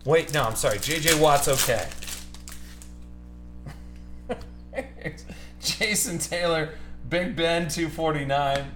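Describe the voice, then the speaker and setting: A man hosting a live card break stream, ranting heatedly about sports media between card calls. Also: on the high side. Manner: ranting, heated, fast-shifting. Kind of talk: live stream chat while opening cards. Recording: echoey room with music behind.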